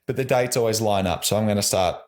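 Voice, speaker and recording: A man with an Australian accent chats as a podcast guest, his voice sitting on the low side. He talks in an easygoing, rambling way, leaning on "like" and "um" as he goes. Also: fast, darkish tone. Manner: easygoing, rambling, says "like" a lot. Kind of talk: casual podcast chat.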